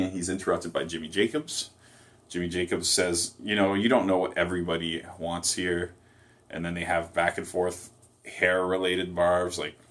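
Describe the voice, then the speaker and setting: A man with a notably low, deep voice talks through a wrestling episode as a casual solo review. He rambles, stacks up fillers and corrects himself mid-sentence. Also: a bit bright.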